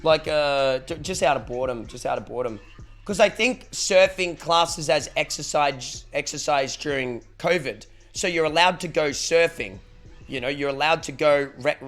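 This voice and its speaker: A man's voice: mid-range voice, fairly bright tone. An Australian man talks casually on a live stream in a mid-range voice. He rambles, swears a little and keeps thanking his chat, with faint music underneath. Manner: loose and chatty, swears, thanks viewers for subs.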